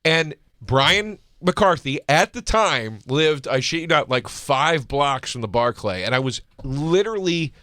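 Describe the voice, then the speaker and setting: A man with a bright, forceful voice tells a story on a casual podcast. He swears freely and breaks into laughter often. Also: on the high side, unhurried, few pauses, no echo. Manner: laughing, profane, animated anecdote telling.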